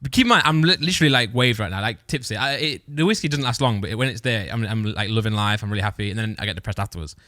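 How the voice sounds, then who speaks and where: Fast-talking man, bright voice. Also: lowish voice, animated, no echo, studio quality. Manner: rambling, self-interrupting, laughing storyteller. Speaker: podcast co-host. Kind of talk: casual storytelling chat.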